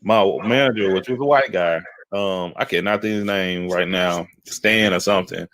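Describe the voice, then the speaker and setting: Man, low voice, from Houston, casual podcast storytelling, animated, rambling, dry close mic. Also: normal speed, dry recording. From Houston, Texas. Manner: animated, rambling anecdotes with frequent "okay?" check-ins. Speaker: podcast co-host.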